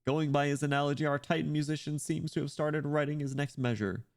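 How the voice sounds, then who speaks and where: A man's voice: fairly high pitch, fairly even intonation, brisk, close to an everyday voice. A man reading aloud as a learned, wistful pope who speaks formally. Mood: reflective. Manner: formal, reflective storytelling.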